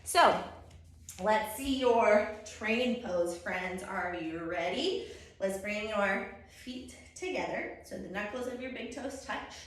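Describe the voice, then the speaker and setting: A woman's voice: medium pitch, expressive, slow. A young woman leading a children's yoga story time, upbeat and encouraging, with sing-song sound effects. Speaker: kids yoga instructor. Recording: echoey room, distant mic.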